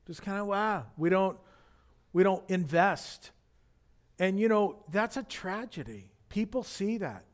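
High-voiced man preaching a sermon. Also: lively intonation, measured pace. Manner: conversational preaching with many fillers and restarts. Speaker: senior pastor.

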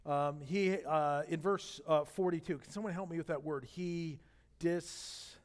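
A middle-aged man, a pastor, delivering a sermon in a conversational, animated storytelling manner with jokes and asides. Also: a little high, moderate pace.

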